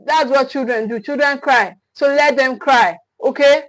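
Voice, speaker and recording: A woman with a high voice coaches parents in a livestream talk. She hammers each point home by repeating it, restarts her sentences often and keeps asking "okay?". The sound is dry, close and without room echo. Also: normal speed. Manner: emphatic and repetitive, restating key phrases; frequent restarts and checking "okay?".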